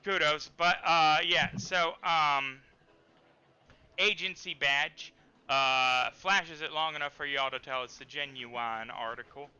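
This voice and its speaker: Bright crisp-voiced man as game master. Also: on the high side, slow, muffled recording. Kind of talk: narrating a tabletop game. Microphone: headset.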